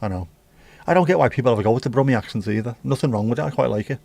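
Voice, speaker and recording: A man's voice: mid-range voice, rapid-fire, creaky, mellow, dry recording. A man with a Scouse accent hosting a casual livestream, chatting with viewers and bantering as he reads the chat. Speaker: livestream host.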